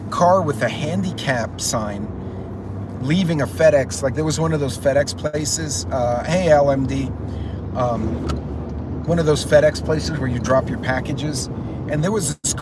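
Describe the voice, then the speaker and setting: A man hosts a loose, rambling live stream, telling a story while he greets viewers in the chat. His voice sits a bit high for a man. Heavy traffic and street noise roar behind him. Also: unhurried. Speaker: channel host. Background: loud outdoor street and traffic noise.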